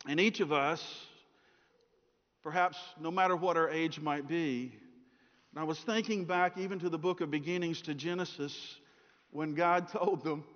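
A middle-aged preacher delivers a sermon in a fairly high voice. He tells stories and slips into the voices of the people in them. The sound is dull and hangs in a long hall reverb. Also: normal speed. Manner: storytelling, acts out voices in anecdotes.

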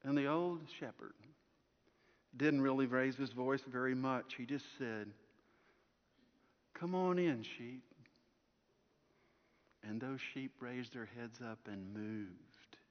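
Pastor preaching, echoing through a dull hall. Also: male voice, mid-range voice, steady tone, unhurried. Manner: storytelling, swinging from strong projection to hushed softness. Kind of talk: sermon. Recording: long hall reverb, dull lo-fi sound.

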